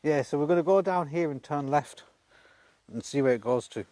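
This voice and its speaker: A man's voice: fairly high pitch, moderate pace, warm tone, no echo. A man on a bike ride who stops by a field and chats fondly and teasingly to horses, talking casually to his stream viewers. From England. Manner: fond, teasing talk to animals. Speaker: cycling streamer.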